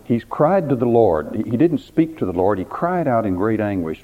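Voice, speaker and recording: A man's voice: mid-range voice, very animated, moderate pace, few pauses. A man, a pastor, preaching a sermon, telling a story dramatically and putting questions to the listeners, often repeating words. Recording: tinny phone-like recording, faint hiss.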